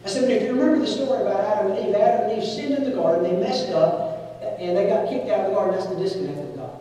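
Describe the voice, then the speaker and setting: A man's voice: high-pitched, fast. A man in his forties preaching a sermon and telling a story, acting out the voices of the people in it. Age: 40s. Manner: animated, acts out voices in his stories. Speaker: pastor. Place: church sanctuary. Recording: echoey church hall, mic at a distance.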